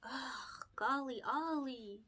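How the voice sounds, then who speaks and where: Bright-voiced, emotional woman vlogger. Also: high-pitched, slow. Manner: emotional, gushing, laughs often, filler-heavy. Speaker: picture book illustrator and vlogger. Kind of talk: casual chat while coloring.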